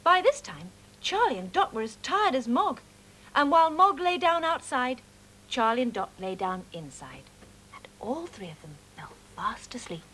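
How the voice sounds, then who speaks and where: A woman's voice: high-pitched, big pitch swings, moderate pace, fairly bright tone, slight background noise, rough recording. A woman presenting a children's show, reading a storybook aloud expressively.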